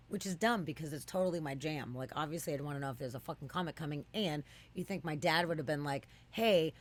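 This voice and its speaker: A podcast co-host telling a story in casual chat, swearing freely and bursting into excited exclamations. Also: a little hiss or hum. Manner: animated, swears freely, jumps into high exclamations.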